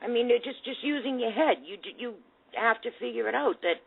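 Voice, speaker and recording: A woman's voice: fairly high pitch, lively intonation, brisk, creaky, breathy edge. A woman hosting a talk radio show, giving indignant, sarcastic commentary. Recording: tinny phone-like audio.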